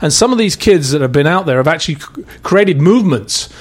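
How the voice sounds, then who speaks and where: A man's voice: fairly high pitch, animated, fairly quick. A middle-aged man from England, a charity founder and actor, talking in a casual interview with many restarts and fillers.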